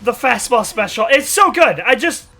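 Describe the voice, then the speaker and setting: Male reaction host, high and animated, unhurried delivery, casual and profane. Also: faint music behind. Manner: excitable, swears freely, frequent laughter. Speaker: anime reaction channel host.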